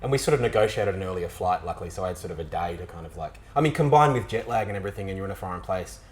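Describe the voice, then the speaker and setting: An Australian actor in a casual interview, telling an animated, self-mocking story with frequent restarts. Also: male voice, deep voice, rapid-fire, poor audio.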